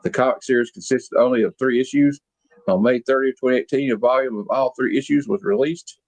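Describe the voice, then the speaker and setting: A man's voice: medium pitch, brisk, a little mellow, dry recording, poor audio. A man hosting a casual movie-review podcast, talking in a loose, rambling way with many fillers. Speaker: podcast host.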